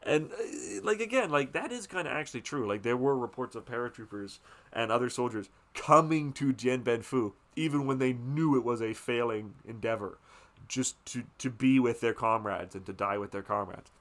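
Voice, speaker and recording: A man hosting a podcast, chatting casually about a film in a rambling way, with plenty of fillers, swearing and quick asides. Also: mid-range voice, a bit bright. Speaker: podcast host.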